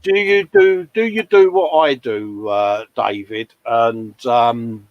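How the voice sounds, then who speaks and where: At a hobby workbench, a man in his 40s hosts a casual model-building live show, chatting and joking and often calling people mate. His medium-pitched voice takes things slowly. The recording is muffled but has no echo.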